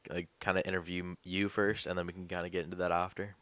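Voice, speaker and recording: A man's voice: low voice, little pitch movement, fast, fairly bright tone, no echo. A young man hosting a casual gaming podcast, rambling and swearing casually. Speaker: podcast host.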